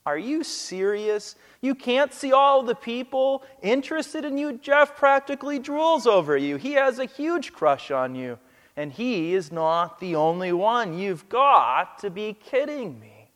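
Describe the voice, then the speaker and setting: A man's voice: high-pitched, very animated, takes it slowly, fairly bright tone, long reverb tail, heavily acted. A man voicing a young woman roommate who is exasperated and incredulous at her friend, inside a sermon. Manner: incredulous, teasing.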